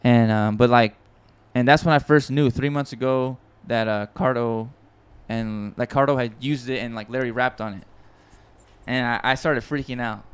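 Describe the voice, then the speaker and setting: Male podcast host, smooth clear voice, mid pitch; excitable casual storyteller, lots of restarts. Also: normal speed. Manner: excitable, rambling, swears often, many restarts. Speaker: podcast host and music producer.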